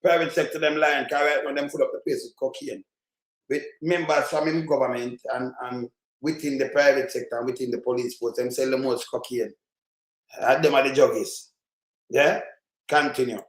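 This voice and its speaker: A man's voice: medium pitch, fairly even intonation, normal speed, reverberant. A man with a Jamaican Patois accent, reacting to political clips with a heated, profane, scolding rant. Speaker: political commentator. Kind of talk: reaction commentary on played clips.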